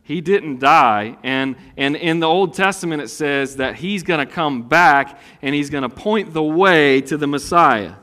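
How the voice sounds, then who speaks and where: Male preacher, chatty storytelling sermon, slightly high voice, big echoing hall. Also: lively intonation, unhurried, hardly any pauses, pushed and bright. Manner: conversational storytelling with acted asides. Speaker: pastor. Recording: long hall reverb.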